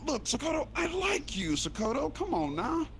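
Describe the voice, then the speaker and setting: Give me a man playing an excitable, swearing tough guy with a high, bouncy voice. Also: moderate pace, a little hiss or hum, heavily acted. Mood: pleading. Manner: loud, excitable, pleading, swears a lot. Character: brash man insisting he is clean. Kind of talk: game role-play. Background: background music.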